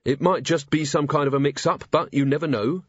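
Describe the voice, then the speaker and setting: Figure: earnest young male watch captain, read by a man. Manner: polite, deferential. Pitch: high. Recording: dry. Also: steady tone, brisk, slightly rough, dry recording, lo-fi sound. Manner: deferential, respectful, says sir often.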